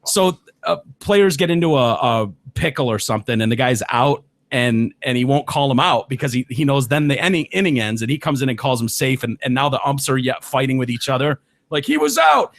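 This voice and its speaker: A man hosting a casual podcast, telling stories with lots of swearing, laughter and loud voices for the people he quotes. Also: mid-range voice, brisk, hardly any pauses, no room sound. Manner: swears freely, laughs often. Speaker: podcast host.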